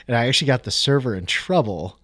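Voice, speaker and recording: A man's voice: mid-range voice, animated, fast, sharp tone, no echo, studio quality. A middle-aged man chatting as a podcast guest, rambling through stories and laughing often. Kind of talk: casual chat.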